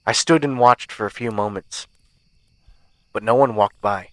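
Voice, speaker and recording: A man hosting a podcast, reading a first-person horror story aloud in a measured, suspenseful way. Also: lowish voice, fairly bright tone, dry recording. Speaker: podcast host and narrator.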